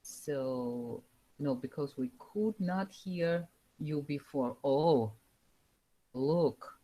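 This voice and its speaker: A woman with a very low voice gives a live online university lecture. She speaks slowly and haltingly, filling pauses with "uh" and "um" as she searches for words, through a computer microphone. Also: dark tone. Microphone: computer microphone over a video call.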